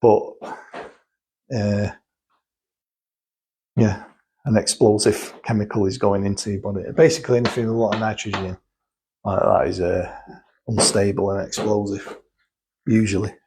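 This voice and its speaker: A man's voice: on the low side, level tone, moderate pace, pauses often, background noise. A man talking casually and explaining things step by step, thinking aloud and restarting sentences as he goes. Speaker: guest explaining cosmetic chemicals. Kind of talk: casual chat.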